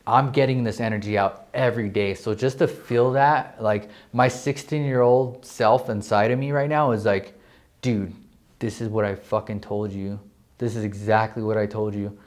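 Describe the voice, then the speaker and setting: Low-voiced young man telling a raw story. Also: moderate pace. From New Mexico, USA. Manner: excited, profane, heavy use of "like". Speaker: guest, real estate agent. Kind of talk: casual interview storytelling.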